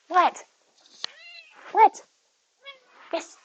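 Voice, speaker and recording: Chatty woman streamer, slightly high voice. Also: expressive, fairly quick, rough recording. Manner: chatty, greets viewers by name, talks to her cat. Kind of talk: casual live-stream chat. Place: at home near her bed.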